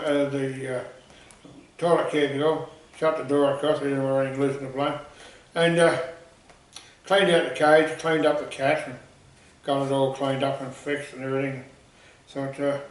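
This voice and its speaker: A man telling a comic anecdote in a rambling, animated way. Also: fairly high pitch. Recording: echoey room, voice far from mic.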